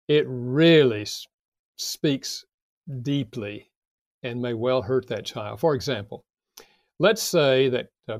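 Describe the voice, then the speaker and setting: An older man, a guest author, calmly explaining parenting advice with everyday examples in an interview. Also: medium pitch, no echo, studio quality. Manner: calm, measured, explains with examples.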